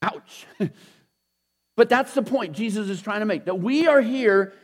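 A man's voice: sits high, measured pace. A male pastor giving a sermon in a loose, conversational way, with many restarts and asides. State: tired after a short night.

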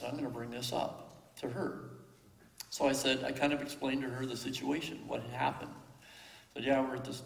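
A middle-aged man with a gravelly edge to his voice tells a personal story, halting and reflective, full of "uh"s and restarts. His voice rings through a roomy hall with a long, lingering reverb. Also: mid-range voice. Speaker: father telling a personal story.

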